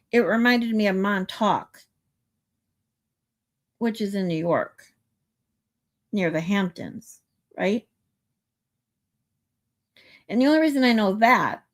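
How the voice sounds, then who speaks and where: A woman hosting a casual livestream, chatting playfully and reading viewer comments aloud. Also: medium pitch. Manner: playful, tries out pronunciations. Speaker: livestream host.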